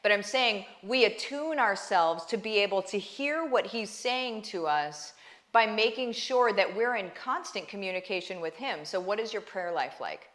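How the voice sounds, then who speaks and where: With a mid-range, slightly bright voice, a woman vlogger who also coaches online businesses shares a heartfelt faith talk to camera. She's emphatic and sincere, frequently saying "right?" and addressing her audience as "guys."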